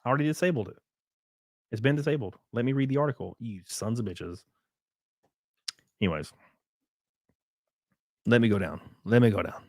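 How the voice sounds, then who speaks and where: Animated, joking male livestreamer. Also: mid-range voice, quick pace, long pauses, dry recording, clean studio sound. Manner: joking, rambling, swears casually. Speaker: livestream host and race car driver. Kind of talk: casual livestream chat reading viewer comments.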